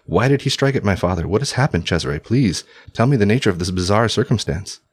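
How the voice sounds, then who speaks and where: An anxious young nobleman of letters, speaking formally in a low, deep voice, as a male narrator puts him on. He sounds earnest and easily shaken in this storybook reading. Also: lively intonation, fast talker, husky, no room sound. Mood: alarmed. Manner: formal, alarmed questioning.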